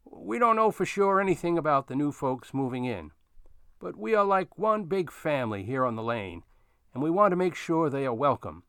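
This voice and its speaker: A man's voice: fairly high pitch, sing-song, moderate pace, a bit bright, clean tone, no room sound, clean studio sound, pitched above the performer's own voice. A man voicing a courteous, slightly curt older man who acts as unofficial mayor of his street.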